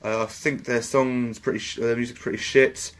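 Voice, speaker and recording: A man's voice: medium pitch, level tone, moderate pace, slight background noise. Sweary sarcastic man. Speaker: podcast co-host. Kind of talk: casual chat.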